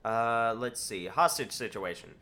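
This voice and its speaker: A man's voice: medium pitch, unhurried. A man casually commentating a game as he plays, reading the game text aloud and joking about it. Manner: animated, reads game text aloud and jokes. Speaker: streamer.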